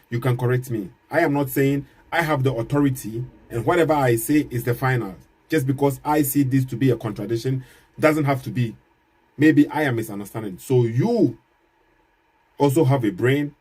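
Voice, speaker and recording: Man, husky mellow voice, measured apologist vlog delivery, repeats himself for emphasis. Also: mid-range voice. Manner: measured, repeats points, rhetorical questions, dry chuckles. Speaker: Christian apologist vlogger. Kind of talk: casual argumentative commentary to camera.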